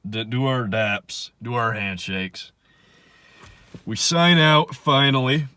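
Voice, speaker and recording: A young man casually telling a story on his vlog, animated and swinging between loud bursts and muttered asides. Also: mid-range voice, slow pace, clean tone.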